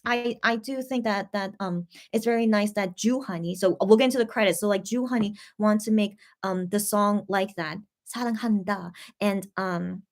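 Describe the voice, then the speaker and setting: A woman in her thirties hosting a K-pop reaction video, explaining things to viewers in a chatty, rambling way with many restarts. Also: fairly high pitch. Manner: explains Korean phrases to viewers. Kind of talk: casual reaction commentary.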